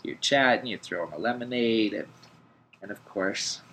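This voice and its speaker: A man's voice: fairly low pitch, normal speed, bright, forceful tone, a little hiss or hum. A man co-hosting a podcast, chatting casually and eagerly retelling a comic book issue, laughing often. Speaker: podcast co-host.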